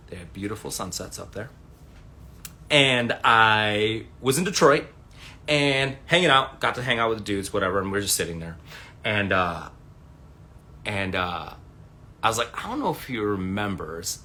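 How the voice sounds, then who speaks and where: A man in his thirties tells loose, rambling stories to his livestream viewers from his room at home. His voice is bright and forceful, and it swings widely in pitch as he acts out quotes. He stumbles through restarts and fillers and swears casually. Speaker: livestream host.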